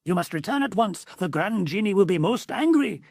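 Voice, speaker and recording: A woman's voice: mid-range voice, animated, brisk, a little mellow, no room sound, clean studio sound, voice pushed up. A woman voicing a stern, formal old male genie scolding his son in a storybook. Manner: formal, archaic, solemn.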